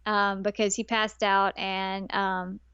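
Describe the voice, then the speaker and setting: A woman's voice: mid-range voice, slow pace, clean tone, no room sound, highs cut off. Chatty woman recapping an anime. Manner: animated, acts out characters' lines with laughs. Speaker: podcast co-host. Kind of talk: casual anime review chat.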